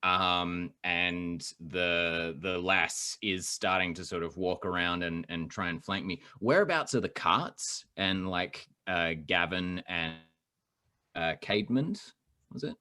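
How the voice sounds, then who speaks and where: A man's voice: low-pitched, slow, sharp tone, clear, resonant tone. A man playing a tabletop game, hesitantly describing his character's actions and thinking aloud. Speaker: player.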